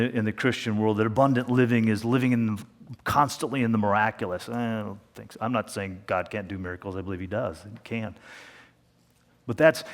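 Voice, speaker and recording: Conversational male pastor in a reverberant church. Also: medium pitch. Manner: conversational preaching, slows down and drops to a hush for emphasis. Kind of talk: sermon. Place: church sanctuary. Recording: long reverb of a church hall.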